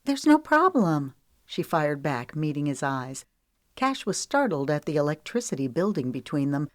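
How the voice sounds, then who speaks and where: Female audiobook narrator for a romance novel, slightly low voice, dry and close, steady delivery. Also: normal speed, no room sound.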